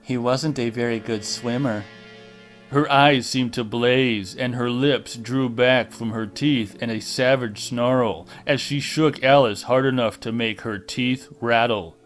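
Slow, dramatic male audiobook narrator. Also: mid-range voice, fairly even intonation, faint music behind. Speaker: audiobook reader. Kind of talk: scripted horror narration.

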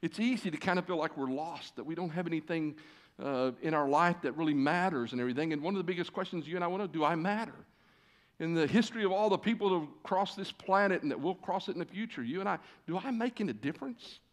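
Sixty-ish guy preaching on a church stage, folksy, lots of uh's, slightly high voice. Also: fast. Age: 60s. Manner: folksy, self-deprecating, many "uh" fillers. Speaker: guest preacher. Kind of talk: sermon with storytelling. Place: church stage before a large congregation.

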